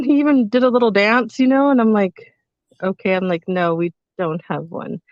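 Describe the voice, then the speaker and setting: A woman's voice: fairly low pitch, normal speed, no room sound. A woman co-hosting a casual podcast, telling a story about her day in a chatty, teasing way. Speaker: podcast co-host. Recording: slightly muffled, dry sound.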